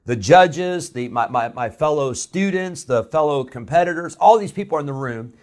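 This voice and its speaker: A man's voice: fairly high pitch, lively intonation, normal speed, a little mellow. A man from Illinois preaching a sermon as pastor. He tells a personal story in a conversational way, with frequent "uh" fillers and restarts.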